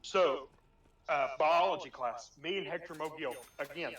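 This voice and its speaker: A young man telling a rambling story among friends in a casual chat, animated and swearing, often laughing. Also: a little high, moderate pace. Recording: echoey room, distant mic.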